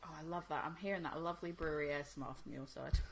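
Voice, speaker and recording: A woman's voice: low-pitched, fairly even intonation, very fast, creaky, background noise. A woman from the US co-hosting a podcast, chatting casually and laughing often while tasting drinks. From United States. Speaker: podcast co-host.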